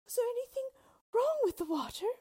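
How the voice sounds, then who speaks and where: A woman's voice: very high voice, sing-song, fairly quick, dark tone, no echo, clean studio sound, voice pushed up. A woman voicing a young girl in a storybook reading, cross and indignant.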